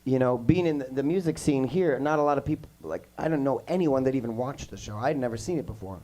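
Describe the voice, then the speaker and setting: The recording is rough, and the man's medium-pitched, mellow voice moves at a quick pace. He's a musician in his forties, a bit under the weather, answering questions as a guest in a kids' music school room, rambling through stories and going off on tangents.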